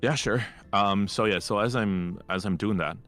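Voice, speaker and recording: A low-pitched man with a bright, forceful tone tells stories with cocky, teasing swagger. He chats loosely on a streaming mic, with faint music underneath. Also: moderate pace. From Ireland. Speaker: collab guest streamer. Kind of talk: casual chat.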